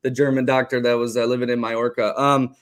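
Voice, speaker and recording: A man hosting a podcast, chatting casually and telling stories in an animated way. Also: mid-range voice, fast, smooth. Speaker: podcast host.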